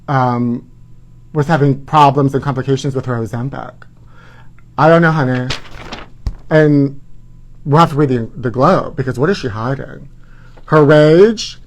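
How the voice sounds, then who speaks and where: Sassy, dramatic man hosting live gossip. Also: on the high side. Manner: dramatic, sassy, calls viewers honey. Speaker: host. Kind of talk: campy live gossip chat.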